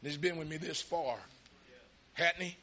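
A man preaching a sermon with passion, often shouting and calling out hallelujah and amen. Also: on the high side, steady tone, moderate pace.

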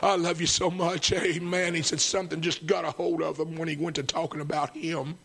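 A middle-aged man preaching a fervent sermon, swinging from shouts to hushed, tender passages. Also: fairly high pitch, little pitch movement, a little fast, creaky, breathy edge.

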